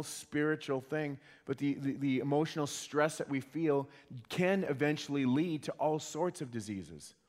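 A man preaching a sermon in an earnest way, often repeating words as he starts a phrase. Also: fairly high pitch. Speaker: pastor. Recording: long hall reverb.

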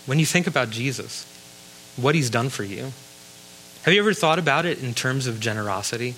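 A man's voice: mid-range voice, expressive, brisk, bright, forceful tone, slight background noise, poor audio. A man preaching a sermon in a conversational way, reading scripture and adding wry asides. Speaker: pastor.

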